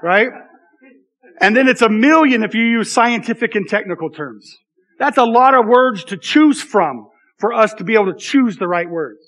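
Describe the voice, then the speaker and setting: A man's voice: high-pitched, lively intonation, normal speed, fairly bright tone. A man in his thirties, a pastor giving a conversational, self-deprecating sermon with frequent asides to the congregation.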